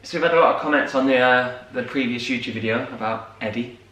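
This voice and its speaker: Male co-host, casual rambling storyteller, bright tone, roomy distant sound. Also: medium pitch, fast talker. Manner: chatty storyteller, many fillers. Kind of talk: casual morning chat. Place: home room. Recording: echoey room, mic at a distance.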